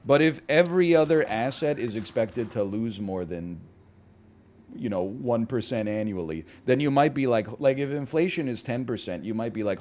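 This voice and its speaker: A man's voice: mid-range voice, expressive, normal speed, a little mellow. A man streaming and chatting casually, rambling and joking at his own expense. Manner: rambling, self-deprecating, jokey voice bits. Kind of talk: casual chat while gaming.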